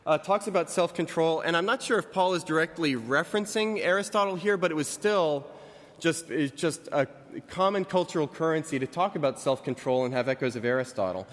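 A man's voice: fairly high pitch, fairly quick. A man in his thirties, a pastor giving a sermon in a church, talking conversationally, lightly joking and often correcting himself. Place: church sanctuary. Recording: reverberant church hall.

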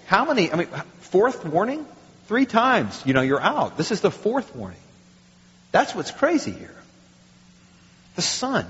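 A male pastor giving a sermon, with lively rhetorical questions and acted quotes. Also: sits high, a little slow, long pauses. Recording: muffled sound with long hall reverb.

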